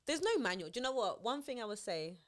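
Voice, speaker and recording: A woman's voice: a little high, fast talker, dry recording, studio quality. A young woman, chatting on a podcast and telling stories with lots of laughter. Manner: animated storytelling, laughs often. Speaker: podcast co-host. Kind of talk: casual chat.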